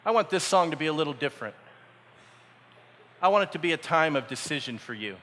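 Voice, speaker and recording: A man's voice: a little high, lively intonation, a little fast, fairly bright tone. A man preaching a dramatic, story-driven sermon at a camp, acting out voices as he tells the story. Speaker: camp speaker. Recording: echoey hall.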